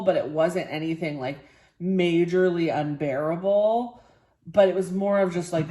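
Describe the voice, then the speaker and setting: Low-voiced woman, rambling, echoey room. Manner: rambling, many "like" fillers, soft and emotional. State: tired and sore after a procedure. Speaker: vlogger. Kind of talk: casual personal vlog.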